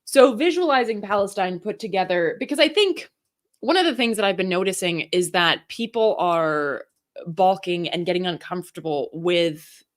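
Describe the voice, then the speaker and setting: Female co-host, lower voice, dry wry asides, casual. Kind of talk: casual chat.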